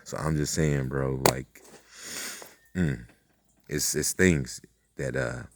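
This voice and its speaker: Very deep-voiced man rambling with profanity. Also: slow pace, creaky, no room sound. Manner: meandering, profane, with many fillers and acted-out quotes. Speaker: channel host. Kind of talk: rambling spiritual monologue.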